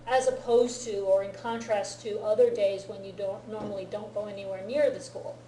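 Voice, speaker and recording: A woman's voice: medium pitch, steady tone, normal speed, warm tone, echoey room, a little hiss or hum, rough recording. A woman teaching a grammar lesson to a class, patiently explaining and often checking whether everyone understands. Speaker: Japanese teacher.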